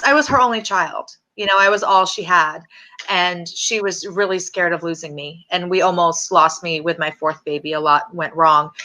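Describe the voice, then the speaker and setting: A middle-aged woman talks through a personal story as an interview guest. Her voice sits low yet sounds bright and forceful, and she stops and restarts often, filling gaps with ums and uhs. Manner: halting, many fillers and restarts.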